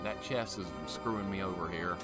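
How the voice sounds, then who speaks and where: A man's voice: sits low, normal speed. A man from Alabama, chatting casually with viewers while streaming a game, reading chat aloud and laughing often. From Alabama, USA. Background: game music.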